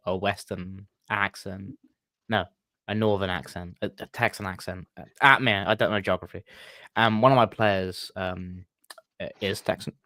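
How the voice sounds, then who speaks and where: A game master and stream co-host chats casually on a podcast about running tabletop games. His lowish voice has a sharp tone, and he is hesitant, full of ums and restarts. There is no echo.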